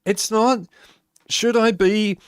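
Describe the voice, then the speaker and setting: A man's voice: sits high, fairly even intonation, takes it slowly, clean tone, no echo. An Australian man chatting casually on a live game stream, talking to viewers and laughing often. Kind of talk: casual gaming stream chat.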